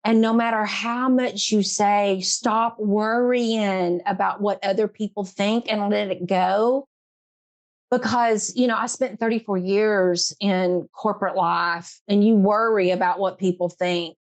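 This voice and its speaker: A middle-aged woman hosts her own podcast in an emotional interview chat, speaking earnestly and emphatically, repeating herself for stress and laughing often. Her voice is mid-range, steady in tone and unhurried.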